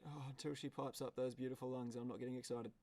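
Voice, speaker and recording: A man commentating a car race live on a stream. He is excitable and swears, breaking into shouts at the screen. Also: mid-range voice, fast.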